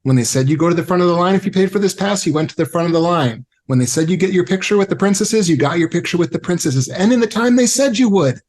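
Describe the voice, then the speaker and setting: A man's voice: high voice, animated, fast talker, few pauses, a little mellow. A man who is a guest on a podcast, talking in a reflective, conversational way and telling stories. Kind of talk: casual conversation.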